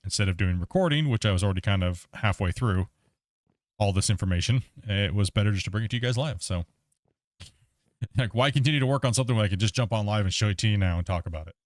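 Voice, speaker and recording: A man's voice: lowish voice, expressive, fast talker, no room sound, studio quality. A man hosting a gaming livestream, rambling casually and chuckling as he talks to his chat.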